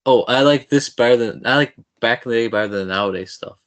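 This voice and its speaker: A man's voice: medium pitch, fast talker. Eager young man hosting a podcast. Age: young adult. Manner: eager, fanboyish, stumbling restarts. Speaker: podcast host. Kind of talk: casual interview chat.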